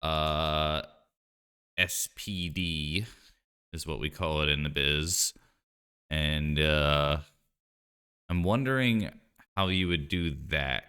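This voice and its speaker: A male streamer talks in a deep, slow, easygoing way as he plays a card game live. His voice is bright and very clear. He rambles and jokes, leaning on "like" and "you know" as he goes. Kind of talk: casual live-stream chat while playing a card game.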